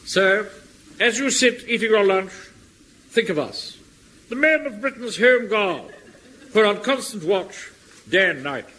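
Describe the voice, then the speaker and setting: A pompous, self-important Home Guard captain in an old radio comedy. His voice is high and swings widely in pitch. The archive recording carries steady hiss. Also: measured pace, long pauses, exaggerated voice, low-quality recording. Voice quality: pompous, indignant. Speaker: captain narrating a radio skit. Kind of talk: 1960s-70s radio comedy acting.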